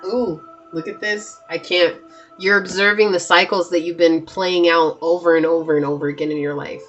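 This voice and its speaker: A woman giving a casual pick-a-card tarot reading, earnest and emphatic, chatty with frequent "like" and quick restarts. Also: fairly low pitch, little pitch movement, a bit bright, lo-fi sound, faint music behind. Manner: earnest and emphatic, often shifting into spiritual advice. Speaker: tarot reader.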